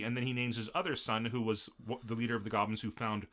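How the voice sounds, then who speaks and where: A man's voice: medium pitch, fast. A man co-hosting a casual podcast, retelling an anime episode and acting out the characters' lines as he goes. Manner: animated, acts out characters' lines mid-recap. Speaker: podcast co-host.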